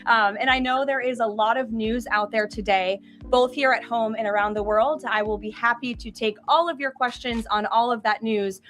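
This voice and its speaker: A woman's voice: a little high, fairly even intonation, normal speed, few pauses, fairly bright tone, soft background music. Polished woman opening a press briefing. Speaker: government press spokesperson.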